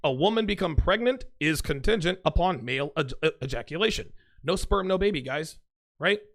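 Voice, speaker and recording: Blunt, profane man with a lively voice. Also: on the high side, a little fast, gravelly. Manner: blunt, profane, reads texts aloud. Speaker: host. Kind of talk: monologue to camera.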